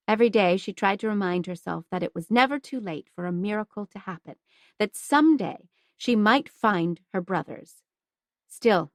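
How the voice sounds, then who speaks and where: A woman's voice: mid-range voice, vocal fry, no room sound, clean studio sound. Woman narrating a historical novel. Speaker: audiobook narrator. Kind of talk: scripted narration.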